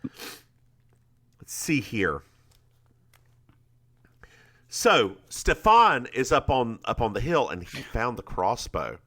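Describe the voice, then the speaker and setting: Man, podcast co-host, casual recap, bright voice, lively swooping pitch, acts out lines. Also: extremely slow, long pauses. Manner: animated storyteller, acts out lines with shifting voices.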